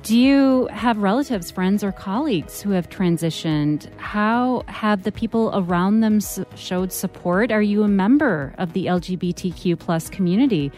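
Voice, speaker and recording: A woman hosting a public radio call-in show, reading prompts calmly and clearly and interviewing a guest. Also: mid-range voice, moderate pace, few pauses, soft background music. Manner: calm, clear, scripted prompts. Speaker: radio host.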